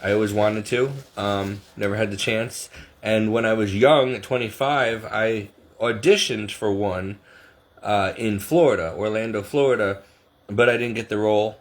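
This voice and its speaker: A man's voice: on the low side, normal speed. A middle-aged man chatting casually to camera, rambling and self-deprecating, often laughing at himself. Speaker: vlogger.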